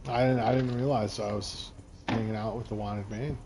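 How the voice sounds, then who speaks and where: A man's voice: lowish voice, fairly even intonation, normal speed, a little mellow, slight background noise. A man chatting casually during a game stream and cracking dry, teasing remarks. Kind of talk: casual chat.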